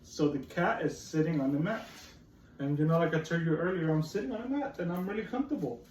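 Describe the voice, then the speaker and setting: A man's voice: on the high side, fast talker, a little mellow, distant mic. Man, patient phonics teacher, reading aloud and quizzing children, roomy echo, faint noise. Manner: patient, explains rhymes and asks questions. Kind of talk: read-aloud phonics lesson.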